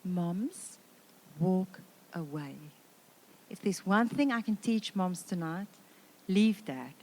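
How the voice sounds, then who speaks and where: A South African woman in middle age speaks at a church session in a lively, conversational way. Her talk is humorous and down to earth, and she acts out the words of moms, dads and children as she goes. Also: lowish voice, slow pace. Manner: lively and conversational, acting out quoted family members. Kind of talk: humorous sermon.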